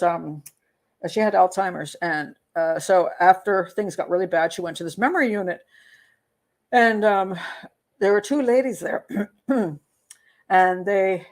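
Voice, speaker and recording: An older woman, a criminal profiler hosting a live show, chatting casually as she reads viewer comments, rambling with lots of fillers and little laughs. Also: mid-range voice. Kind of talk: casual live-stream commentary reading chat.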